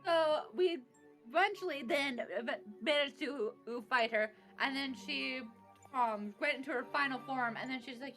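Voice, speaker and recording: High, bright-voiced bubbly young woman. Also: normal speed, faint music behind. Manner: bubbly, laughing, acting out bits of dialogue. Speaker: player recapping a tabletop campaign. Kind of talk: casual recap chat.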